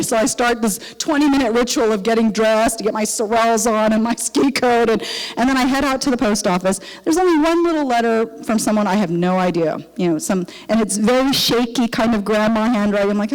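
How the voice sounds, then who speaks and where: An older woman, a missionary speaker, giving an animated testimony in church and acting out the dialogue of her story. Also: on the high side, fairly quick. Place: church sanctuary. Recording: long reverb of a church hall.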